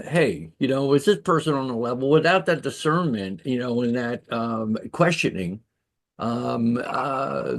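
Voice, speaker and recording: Slow-talking man with halting, filler-heavy delivery; mid pitch. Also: creaky. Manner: hesitant, halting, full of fillers. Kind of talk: casual chat.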